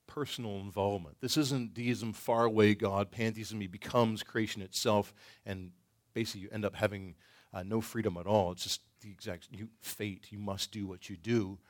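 Halting, thoughtful male Bible class teacher. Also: on the low side. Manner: thoughtful, halting, with frequent ums and restarts. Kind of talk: teaching a church class with discussion.

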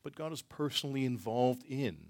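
Halting, thoughtful male Bible class teacher. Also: mid-range voice. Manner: thoughtful, halting, with frequent ums and restarts. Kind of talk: teaching a church class with discussion.

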